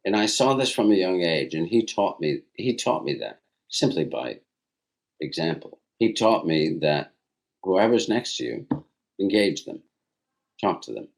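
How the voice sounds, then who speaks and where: Low-voiced animated man telling stories. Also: a little slow, creaky. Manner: animated storyteller who acts out dialogue. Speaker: guest. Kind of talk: casual interview conversation.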